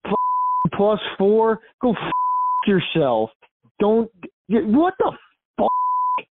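A man's voice: sits high, wildly swooping pitch, slow pace, slightly rough, dry recording. A man leaving a furious, cursing voicemail over a phone line. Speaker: voicemail caller.

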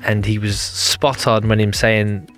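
A man's voice: fairly low pitch, little pitch movement, unhurried, fairly bright tone, faint music behind. A man co-hosting a boxing podcast, playful and jokey and laughing often. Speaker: podcast co-host, former boxer. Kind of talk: casual podcast chat.

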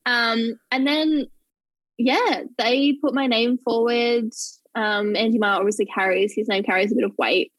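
A woman's voice: a little high, fairly even intonation, a little slow, no echo, rough recording. A young Australian woman telling work stories as an interview guest, bubbly and often laughing, with lots of "like". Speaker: guest, journalist. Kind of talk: casual interview chat.

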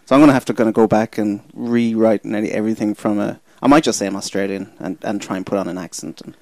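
Fast-talking Irish man, dry close sound. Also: fairly low pitch, steady tone, no echo. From Ireland. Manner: fast-talking, self-deprecating, laughs often. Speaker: comedian guest. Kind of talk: casual podcast chat.

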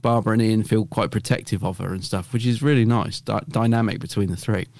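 A man with a fairly low voice talks casually as a podcast co-host. He rambles with plenty of "you know" and restarts, recorded close and dry with no room sound. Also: fairly even intonation, quick pace, a little mellow, dry recording. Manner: rambling, enthusiastic, many fillers and restarts.

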